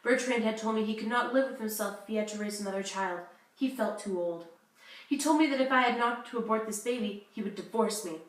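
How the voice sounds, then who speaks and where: An American journalist opens up in an earnest, confessional voice, played by a young woman in a school skit. Her voice is slightly high and ringing with room echo. She is heard from a distance. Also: a little fast, close to an everyday voice. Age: young adult. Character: American journalist woman living abroad, divorced. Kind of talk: school-project talk-show role-play. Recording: echoey room, distant mic.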